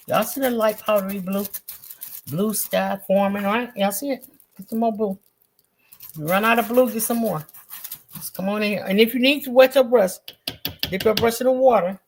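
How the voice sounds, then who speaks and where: Heard over slight background noise, this medium-pitched woman teaches a painting lesson on a live stream. She chats warmly and encourages her viewers, talking straight to them and joking with the chat in friendly slang.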